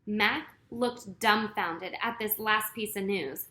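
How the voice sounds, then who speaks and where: A woman reading a children's chapter book aloud, unhurried, fixing her own slips as she goes. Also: medium pitch, sharp tone, echoey room. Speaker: story reader.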